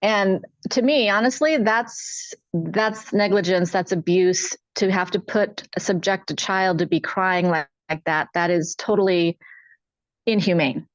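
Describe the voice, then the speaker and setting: A woman's voice: mid-range voice, a little slow, few pauses, no echo. Middle-aged woman talking it through, earnest and upset, dull lo-fi audio, dry no room sound. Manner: earnest, distressed, recounting in detail. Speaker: panel guest. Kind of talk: personal account on a podcast panel.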